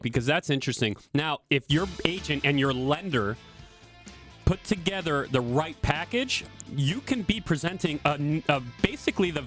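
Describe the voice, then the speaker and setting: A man co-hosting a radio talk show, pitching a workshop with a quick promotional delivery. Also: fairly bright tone. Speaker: radio show co-host, real estate agent.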